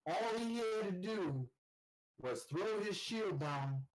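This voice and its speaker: A man co-hosting a casual gaming chat, telling stories in an animated way and rising loud when he quotes teammates. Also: sits high, takes it slowly, rough recording. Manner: animated storyteller, shouts when quoting teammates. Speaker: podcast co-host.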